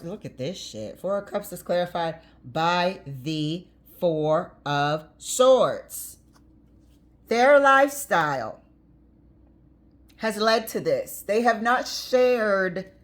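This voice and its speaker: A woman giving a casual tarot reading, chatty and blunt, with the odd swear word and easy laughter. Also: medium pitch. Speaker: tarot reader.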